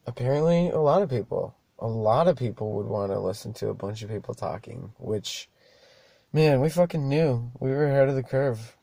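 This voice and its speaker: A man's voice: medium pitch, expressive, normal speed, gravelly, mellow, no room sound. A young man hosting a show alone, rambling casually, swearing often and laughing at himself. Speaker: podcast host. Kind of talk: casual monologue.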